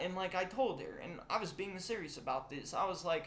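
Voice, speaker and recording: A man's voice: sits high, expressive, brisk, few pauses, a bit bright, reverberant, slight background noise. A young man vlogging a confessional rant, rambling, swearing and emotional. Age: young adult.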